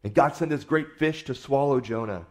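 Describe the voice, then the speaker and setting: Preaching at a moderate pace in a mid-range voice, this pastor talks to his congregation like neighbors, telling stories in an easy, folksy way. He frequently stops mid-sentence to rework what he's saying.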